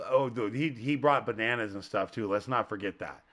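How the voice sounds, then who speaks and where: A man hosting a podcast in casual chat, rambling and animated, laughing often. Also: on the low side, a little fast, few pauses. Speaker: podcast host.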